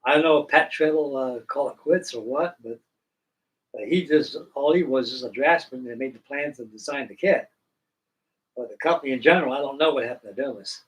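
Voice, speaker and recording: A man's voice: mid-range voice, brisk, recorded from a distance, poor audio. A middle-aged man hosting a live stream, chatting casually and folksily while he builds models, with rambling talk and casual swearing.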